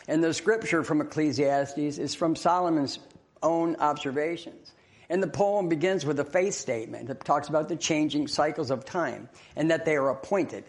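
A man's voice: on the high side, normal speed. A man preaching a sermon in a church, telling a joke story and chatting with the congregation. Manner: conversational, laughing with the congregation. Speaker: pastor.

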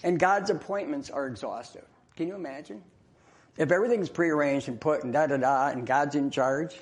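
A pastor preaches in church in a loose, conversational way, his voice sitting a little high at normal speed. He laughs along with the congregation and tells a joke story.

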